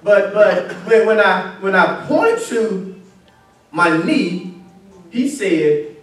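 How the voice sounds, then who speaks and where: A man's voice: high voice, expressive, slow. A man preaching a sermon in a church, emphatic and building to crying out as the congregation answers. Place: church sanctuary. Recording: very echoey church from a distance.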